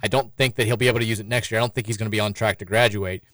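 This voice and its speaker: Male sports radio host, quick delivery and sarcastic edge, close dry studio sound. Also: lowish voice, fairly even intonation, a bit bright, no echo. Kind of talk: casual sports talk.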